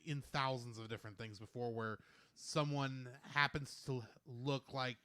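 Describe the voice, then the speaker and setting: A man's voice: medium pitch, steady tone, sharp tone, dry recording. A man co-hosting a podcast, reading out trivia and chatting casually in a playful way. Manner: reads out trivia, playful and quick-witted. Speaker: podcast co-host. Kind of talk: casual chat.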